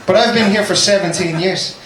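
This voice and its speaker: A man's voice: sits high, fairly quick. An Irish man doing stand-up comedy in a small basement venue, teasing the audience and swearing freely. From Ireland. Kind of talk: stand-up crowd work. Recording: echoey room, faint background noise.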